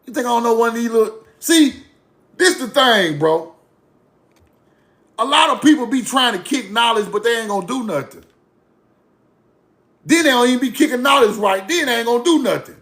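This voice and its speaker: An online commentator rants casually to camera in a high-pitched, gravelly voice that's a bit bright. Expressive at normal speed with long pauses, he's blunt and profane, mocks the people he discusses, and keeps circling back to the same lines.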